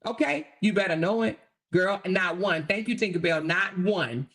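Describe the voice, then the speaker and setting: A woman's voice: medium pitch, animated, moderate pace, a bit bright. A woman, hosting a livestream and ranting in a profane, confrontational way, again and again asking whether you hear her. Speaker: livestream host. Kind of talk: heated livestream rant.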